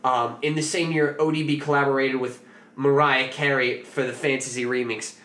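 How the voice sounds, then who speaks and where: A man's voice: medium pitch, little pitch movement, moderate pace, fairly bright tone, roomy sound. A man hosting a podcast, telling a story in a loose, profane, joking way. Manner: loose, profane, jokey storytelling with acted quotes. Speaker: podcast host. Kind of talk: casual storytelling chat.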